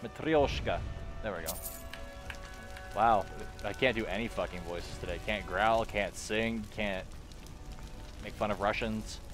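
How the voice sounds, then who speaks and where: A man's voice: on the low side, steady tone, measured pace, long pauses. A man streaming a game, joking crudely and talking back at the game as he plays. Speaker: gaming streamer. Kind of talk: casual let's play commentary. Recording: game music behind voice. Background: game music.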